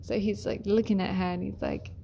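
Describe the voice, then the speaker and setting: A woman's voice: mid-range voice, level tone, brisk, vocal fry, dark tone, slight background noise. Chatty woman care worker, storyteller, laughs a lot, drops to whispery asides. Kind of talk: casual storytelling.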